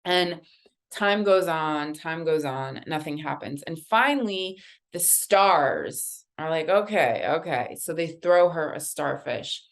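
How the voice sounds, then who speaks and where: A woman, a guest artist, telling a lively story while reading oracle cards, with a casual, conversational manner and frequent fillers. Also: deep voice, slow pace, vocal fry. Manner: animated, conversational, many fillers.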